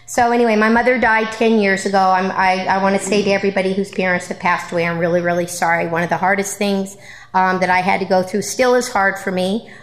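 A woman's voice: medium pitch, echoey room. A middle-aged woman giving a personal recovery share at a support group meeting, candid and conversational, with frequent ums and repeated phrases. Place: meeting room.

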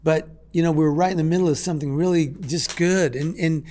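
A man in his sixties sharing a heartfelt personal story in a halting way, with repeated words and restarts. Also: fairly high pitch, steady tone, darkish tone. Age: 60s. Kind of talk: personal testimony talk.

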